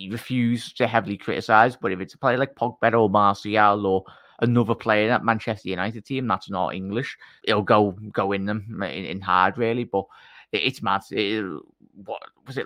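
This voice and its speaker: A man's voice: lowish voice, fairly bright tone, dry recording. Blunt man dismissing a rival club. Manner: blunt, scornful opinions. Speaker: podcast panelist. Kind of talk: casual football chat.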